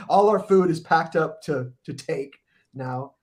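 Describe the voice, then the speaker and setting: A middle-aged man with a voice pitched a touch above the usual, spinning a loose and profane anecdote as a podcast guest. He rambles, trips over his words and starts his sentences again as he goes. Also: lively intonation, slow pace, a little mellow. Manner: rambling, profane, restarts often. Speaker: guest musician telling a tour story. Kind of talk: casual storytelling in a podcast chat.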